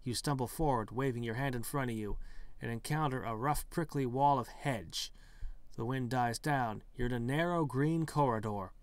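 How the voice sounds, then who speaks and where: A man's voice: medium pitch, moderate pace, no room sound. Man wryly reading a text game aloud. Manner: wry, joking asides between narrated passages. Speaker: gaming video host.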